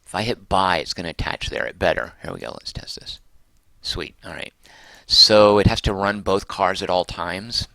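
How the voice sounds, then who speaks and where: Bright-voiced man muttering through a game. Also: low-pitched, normal speed, gravelly, dry recording. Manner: chatty, self-muttering, mildly exasperated. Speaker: streamer. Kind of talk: casual game livestream commentary.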